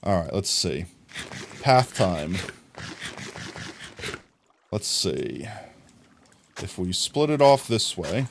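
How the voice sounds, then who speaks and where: A young man streaming live, chatting casually and thinking aloud as he builds in a game, playful and quick to laugh at himself. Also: sits low, sing-song, gravelly, slight background noise.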